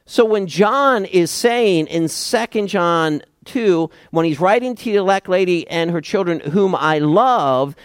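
A man preaching an expository sermon in a deliberate, emphatic way, often reading verses aloud as he explains them. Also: sits high, smooth, no room sound, clean studio sound. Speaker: pastor.

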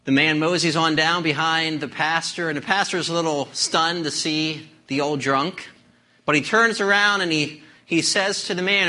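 A pastor delivers a sermon in a high, bright, forceful voice. He leans into his points with emphatic preaching and reads scripture aloud. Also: steady tone, normal speed. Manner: storytelling, then emphatic preaching.

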